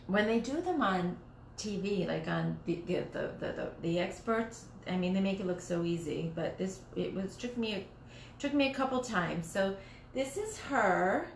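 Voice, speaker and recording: A woman's voice: mid-range voice, creaky. A woman hosting a casual live stream from her dining room, chatting in a rambling way and often restarting her sentences. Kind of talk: casual live-stream chat while crafting. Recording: roomy echoey home room, faint noise.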